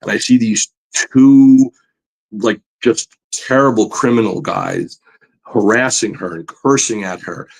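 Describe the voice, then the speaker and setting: Animated man telling a story, mid-pitched. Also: slow, rough recording. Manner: animated storyteller, voice climbs when excited; conversational, many fillers like "you know". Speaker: comic book artist guest. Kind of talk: casual podcast storytelling.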